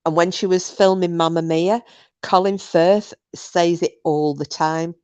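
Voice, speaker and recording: A woman's voice: fairly low pitch, fairly even intonation, a little slow, darkish tone, clean tone, no echo, highs cut off. A woman hosting a casual live-stream quiz night, answering viewer comments and often breaking into laughter. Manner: giggly, often bursting into laughter.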